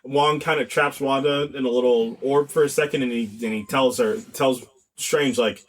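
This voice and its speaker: A man's voice: medium pitch, steady tone. Eager man chiming in on a podcast. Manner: eager, chimes in with frequent mm-hmms and quick asides. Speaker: podcast co-host. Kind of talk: casual movie review chat.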